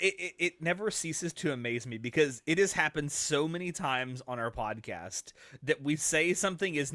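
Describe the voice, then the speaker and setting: Bright, animated man chatting on a podcast. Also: on the high side, dry recording, clean studio sound. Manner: animated, rambling with restarts. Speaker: podcast co-host. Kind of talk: casual podcast chat.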